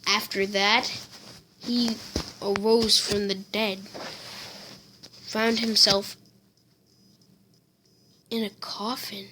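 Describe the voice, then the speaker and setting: A woman's voice: mid-range voice, flat delivery, very slow, pauses often, sharp tone, slight background noise. A woman casually telling a fan story, rambling with fillers and self-corrections.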